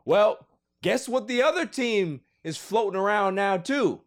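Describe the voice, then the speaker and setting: A man co-hosting a casual sports podcast, his voice sitting a bit high for a man. He jokes, riffs and pleads in a dramatic, animated way. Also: a little slow. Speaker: podcast co-host.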